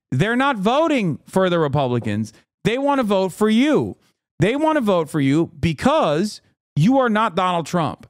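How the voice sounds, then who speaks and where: A man streaming political commentary, ranting in an animated, exasperated way and slipping into sarcastic mock voices. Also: high voice, no echo, studio quality. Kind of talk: live-stream political commentary, reacting to chat.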